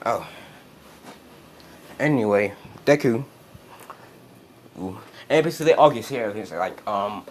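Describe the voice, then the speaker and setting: A man's voice: on the low side, animated, unhurried, long pauses, a little hiss or hum. A man casually retelling a fan story, rambling and swearing as he goes. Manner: rambling, leans on "basically" and swearing. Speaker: channel host. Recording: roomy echo.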